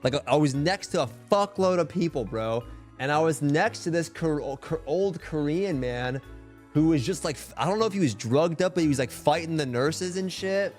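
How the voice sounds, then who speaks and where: A man's voice: fairly high pitch, expressive, normal speed, a little mellow, faint music behind. A young man and streamer telling a story in casual chat, rambling with lots of filler words and swearing.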